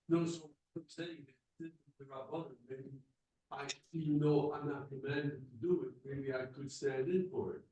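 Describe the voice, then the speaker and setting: A man's voice: mid-range voice, fairly even intonation, normal speed, mellow. A man in the class audience tentatively putting forward a question. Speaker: class participant. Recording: distant and very echoey.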